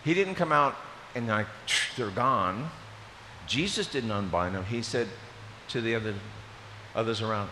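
Middle-aged guy preaching, bouncy animated storytelling with jokes, echoey hall, bit of hiss. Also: medium pitch, unhurried, long pauses. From Maryland, USA. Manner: animated storyteller with joking asides. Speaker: pastor. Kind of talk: sermon. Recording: reverberant hall, faint hiss.

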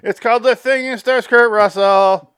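A man's voice: very high-pitched, steady tone, normal speed, a bit bright, clear, resonant tone, no echo, clean studio sound. A man co-hosting a casual movie chat, joking and laughing a lot. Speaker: podcast co-host.

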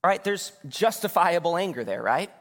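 Male pastor, 30s, conversational sermon delivery, a bit high-pitched, church reverb. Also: big pitch swings, normal speed, fairly bright tone. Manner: conversational, asks the congregation questions, acts out quotes. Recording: long hall reverb.

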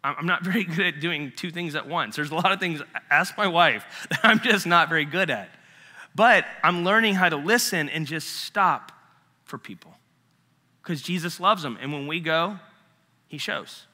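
Male preacher, bright and slightly high voice, storytelling sermon, hall reverb. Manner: storytelling, acts out both sides of a dialogue.

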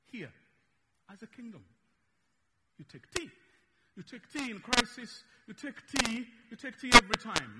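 A man from Uganda with a Ugandan accent and Luganda as his first language, preaching a slow, emphatic, playful sermon in a church. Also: extremely high pitch, long reverb tail, heavy background noise. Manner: slow, emphatic, dynamic in loudness, playful teasing.

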